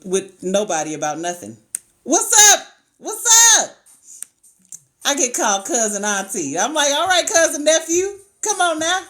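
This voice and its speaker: A woman counselor hosting a casual live-stream chat, blunt and colloquial, breaking into sound effects and laughter. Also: fairly low pitch. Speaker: licensed counselor and channel host. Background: faint background music.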